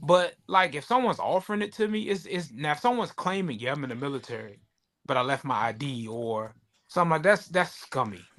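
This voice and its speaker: A man co-hosting a sneaker podcast, telling animated stories in casual chat. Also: on the high side, fairly quick. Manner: animated storyteller acting out customer quotes. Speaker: podcast co-host.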